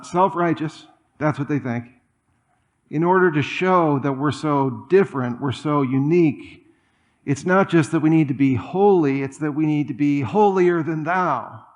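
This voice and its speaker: A man preaching a sermon in a church, conversational and animated, with asides and humor. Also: fairly high pitch. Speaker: pastor. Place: church auditorium.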